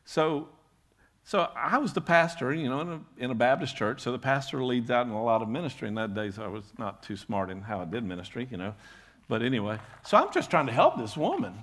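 A man's voice: mid-range voice, sing-song, fairly quick, a bit bright. Chatty male pastor telling a story. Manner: conversational, rambling with many "you know"s and restarts. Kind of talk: sermon storytelling.

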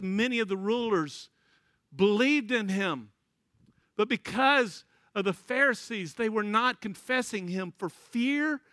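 High, bright-voiced man preaching. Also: no room sound, clean studio sound. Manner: folksy, storytelling, laughs often. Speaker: pastor. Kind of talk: sermon.

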